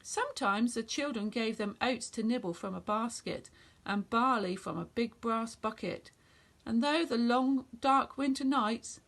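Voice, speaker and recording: A woman reading a children's story aloud in a gentle, expressive way. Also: a little high, gravelly.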